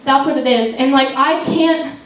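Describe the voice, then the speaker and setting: A woman's voice: sits high, moderate pace, a bit bright. A young woman giving a casual testimony talk to a youth crowd, chatty and full of fillers like "like" and "um". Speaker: event speaker. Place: large echoey event hall. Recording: very echoey hall from far off.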